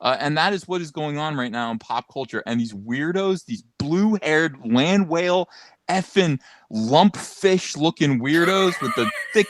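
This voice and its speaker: A man co-hosting a podcast, ranting in a loud, mocking, animated way with sarcastic asides, into a studio mic. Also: mid-range voice, no echo. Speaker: podcast co-host. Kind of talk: casual ranting commentary.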